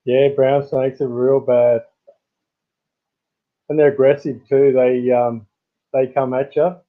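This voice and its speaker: A man's voice: little pitch movement, slow. Australian male streamer, rambling casual chat, tinny phone-line sound. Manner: rambling, greets chat viewers with sudden high-pitched bursts. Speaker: live stream host.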